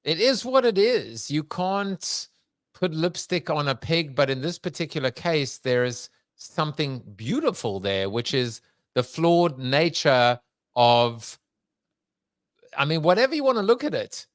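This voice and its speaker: A man's voice: on the high side, sing-song, a little slow, dry recording. A man with a Long Island accent hosting an interview podcast, joking and rambling, laughing often. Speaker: podcast host. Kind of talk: casual interview chat.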